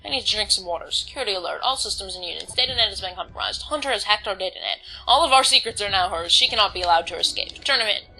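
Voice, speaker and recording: A woman's voice: medium pitch, expressive, racing, hardly any pauses, pushed and bright, low-quality recording. A woman casually commenting on her gameplay, reading on-screen text aloud and stumbling over words now and then. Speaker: let's play host.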